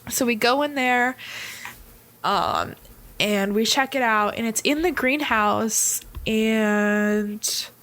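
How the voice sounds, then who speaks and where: A woman co-hosting a podcast in relaxed chat, speaking slowly in a slightly high voice. She giggles often and slips into playful voices when she reads lines aloud. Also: a little hiss or hum. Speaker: podcast co-host. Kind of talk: casual chat.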